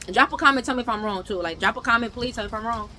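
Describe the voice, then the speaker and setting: A young woman from New York telling a casual storytime, animated, with loud outbursts and mumbled asides. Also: a little high, rapid-fire, a little hiss or hum, low-quality recording.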